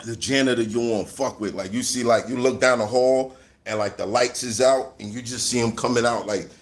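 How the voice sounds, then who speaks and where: A man telling a mocking story in a loud, animated way, laughing often and shouting at times. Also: mid-range voice, a little fast. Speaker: host. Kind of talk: casual storytelling rant.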